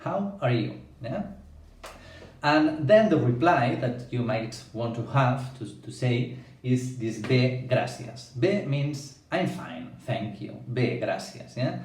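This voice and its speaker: A man's voice: medium pitch, expressive, takes it slowly, darkish tone, recorded from a distance. A man explaining a language lesson as a teacher, checking in with the listener by often asking "yeah?". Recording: echoey room, away from the mic.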